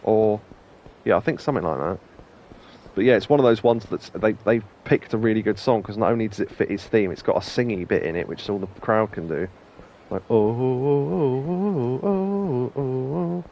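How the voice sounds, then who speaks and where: A man's voice: fairly low pitch, brisk, lo-fi sound, a little hiss or hum. A man hosting a let's play, talking casually and rambling with plenty of ums and asides. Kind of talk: casual gameplay commentary.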